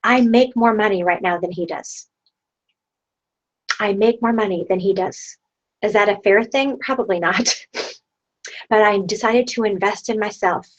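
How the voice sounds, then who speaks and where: A woman's voice: medium pitch, normal speed, long pauses. A woman in her thirties leading her sales team over a video call, rousing them with repeated rhetorical questions. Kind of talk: motivational pep talk. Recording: dull lo-fi online video call.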